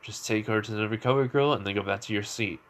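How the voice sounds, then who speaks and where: A man's voice: fairly low pitch, quick pace, fairly bright tone, close to an everyday voice. A man voicing an older hero mentor who speaks in a formal, approving way, in an improvised spoken fan story.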